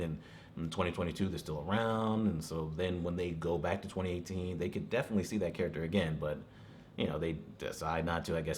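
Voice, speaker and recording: A man talks through a movie review in a loose, rambling way, dropping "you know" and small chuckles as he goes. His voice is very low. A faint hiss runs underneath. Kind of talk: casual spoken review.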